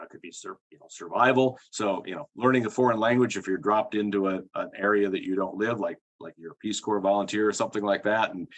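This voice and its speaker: Halting middle-aged man, low voice. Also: fairly bright tone. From Minnesota. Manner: hesitant, many fillers and restarts. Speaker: guest, psycholinguistics professor. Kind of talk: explanatory interview talk.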